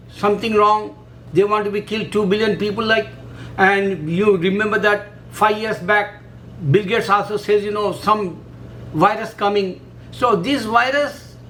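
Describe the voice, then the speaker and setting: A man speaking halting, repetitive in a casual monologue, full of fillers. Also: high-pitched, sharp tone, a little hiss or hum, low-quality recording. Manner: halting, repetitive non-native English with many fillers. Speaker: religious video maker.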